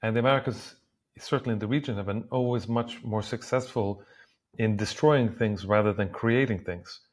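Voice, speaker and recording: A man co-hosting a discussion podcast from a remote call, talking in a halting way with many restarts. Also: fairly low pitch. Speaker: podcast co-host. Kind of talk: casual discussion. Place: Beirut, at a university.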